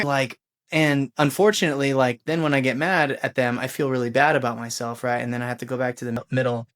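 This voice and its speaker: A man's voice: medium pitch, moderate pace, fairly bright tone, no room sound. A middle-aged man hosting a podcast, talking candidly and a little rambling, with a self-deprecating manner. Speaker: podcast host. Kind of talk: casual interview chat.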